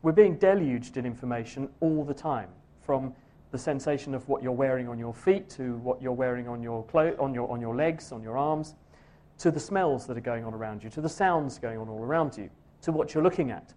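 A man's voice: medium pitch, fairly quick, a little mellow. A man answering an audience question on a live science radio show, explaining fluently and at length. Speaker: science presenter.

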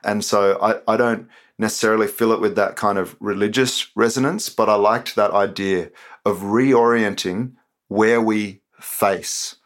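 A man, a poet being interviewed, talking in a reflective, measured way. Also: lowish voice, steady tone. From Australia. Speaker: poet and author, interview guest. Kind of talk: conversational interview.

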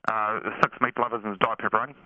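A man's voice: on the low side, level tone, racing, dry recording. A man playing a casual, hesitant pizza customer who grows exasperated. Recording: tinny phone line.

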